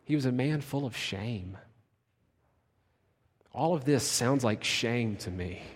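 A man preaches slowly and deliberately, his words trailing off into long pauses. His voice drops to near-whispers, then rises to sudden shouts. Long reverb from a big church sanctuary carries every word. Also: mid-range voice, lively intonation, breathy edge. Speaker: pastor. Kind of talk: sermon. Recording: long reverb of a large hall.

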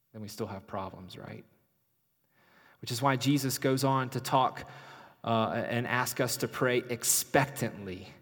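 A male pastor preaching a sermon, swinging between loud urgent questions and soft, hushed phrases. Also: medium pitch. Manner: dynamic preaching, rising loud then dropping to near whisper. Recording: long hall reverb.

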